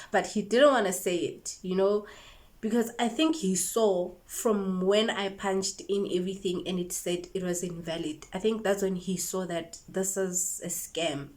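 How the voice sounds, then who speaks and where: South African woman vlogger, animated storyteller, acts out both sides of the chats, mid-pitched voice. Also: a little slow. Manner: lively storytelling, acting out texts and chats. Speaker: YouTuber and make-up artist. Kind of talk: storytime vlog.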